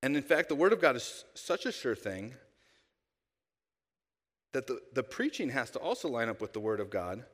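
A man's voice: mid-range voice, big pitch swings, moderate pace, long pauses, fairly bright tone. A male pastor giving a conversational sermon, asking the congregation rhetorical questions. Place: church sanctuary. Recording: long church-hall reverb.

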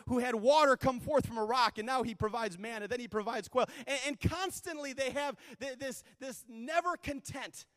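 A man's voice: very high-pitched, fairly bright tone, dry recording, big-room sound. A male pastor preaching a sermon with fervent, repeated refrains.

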